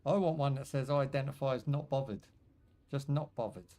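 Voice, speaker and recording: A man's voice: mid-range voice, a little fast, warm tone, faint music behind. A man chatting jokily as he live-streams a video game. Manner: joking, chatty, talks to himself and chat. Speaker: livestream gamer. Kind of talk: casual gameplay commentary.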